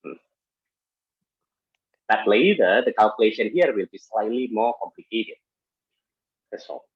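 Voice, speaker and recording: A man lecturing on engineering statics in halting speech full of fillers and restarts, working through a problem step by step. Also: on the low side, lively intonation, husky, dry recording. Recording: muffled lo-fi audio.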